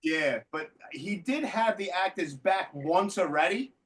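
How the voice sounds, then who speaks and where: A man's voice: high-pitched, unhurried. A man hosting a podcast, telling stories in casual chat with lots of swearing. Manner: animated storyteller, swears freely. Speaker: podcast host.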